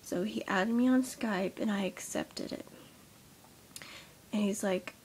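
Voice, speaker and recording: A tired young woman with a headache, rambling in a soft, half-whispered voice as she vents to her vlog camera. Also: medium pitch, slow, a little hiss or hum. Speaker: vlogger. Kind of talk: casual rant to camera.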